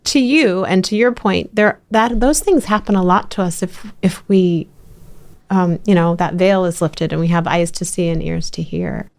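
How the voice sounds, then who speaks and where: Woman, middle-aged podcast host, lively rambling storyteller. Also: on the low side, moderate pace. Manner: animated storyteller with many restarts. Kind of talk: casual interview chat.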